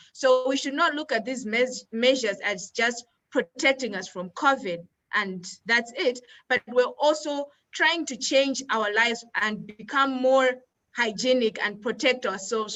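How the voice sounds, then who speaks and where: Bright-voiced woman explaining on a panel. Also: fairly high pitch, poor audio. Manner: explanatory, measured. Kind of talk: panel discussion.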